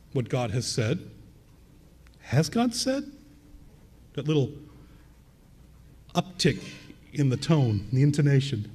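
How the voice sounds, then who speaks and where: A man preaching a sermon in a church, reading scripture aloud and repeating key words for emphasis, with a slightly husky voice. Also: medium pitch, a little mellow, long reverb tail.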